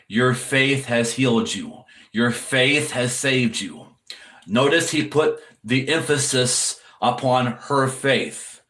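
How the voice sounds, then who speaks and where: A man's voice: medium pitch, fairly bright tone, roomy sound. A man preaching an earnest sermon-style encouragement straight to the viewer, repeating his points to drive them home. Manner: earnest, repetitive exhortation addressed to the viewer.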